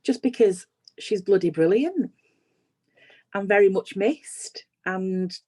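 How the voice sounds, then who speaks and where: A woman's voice: mid-range voice, slow pace, dark tone. A woman, a comedian guest chatting casually and laughing often.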